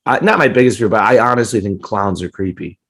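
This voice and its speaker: A man's voice: fast talker, fairly bright tone, slightly rough. A man co-hosting a comedy podcast, ranting casually with lots of swearing and mocking put-on voices. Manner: profane, ranting, jumps into high mocking voices. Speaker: podcast co-host.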